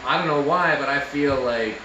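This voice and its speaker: A Canadian man chats in a lively, rambling way, circling back over the same words as his enthusiasm builds. He sounds like he is in an echoey room, with noise audible behind him. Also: fairly high pitch, normal speed, lo-fi sound. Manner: animated, rambling, repeats himself. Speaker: arm wrestler and show host. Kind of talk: casual chat.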